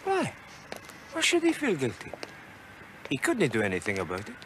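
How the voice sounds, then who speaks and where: An actor playing a stubborn, excitable Italian internee in a television drama, insistent and quick to raise his voice. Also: mid-range voice, background noise.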